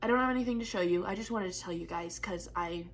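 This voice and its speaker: A woman's voice: on the low side, quick pace. A young woman chatting candidly to camera in a craft vlog, swearing casually and laughing often, teary and disappointed. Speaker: craft vlogger.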